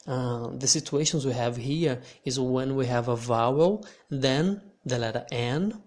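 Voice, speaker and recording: Man, unhurried, patient teacher, middle pitch, careful repetitions. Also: darkish tone. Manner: patient, hesitant restarts, repeats words for practice. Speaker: language teacher. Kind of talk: slow explanatory lesson.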